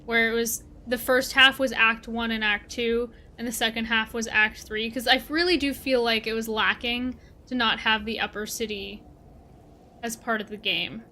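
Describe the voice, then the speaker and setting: A woman's voice: fairly high pitch, steady tone, normal speed, bright, forceful tone. A woman from Canada with a Canadian accent, chatting casually with her viewers while streaming a game and answering their messages. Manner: chatty, talks back to chat while playing. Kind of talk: casual livestream chat.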